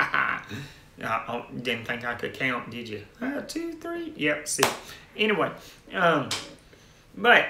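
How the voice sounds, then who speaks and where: A man hosts a casual tech live stream, rambling and restarting phrases as he answers viewer comments. His voice is very bright and sits a little high. The sound carries a noticeable room echo. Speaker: tech channel host.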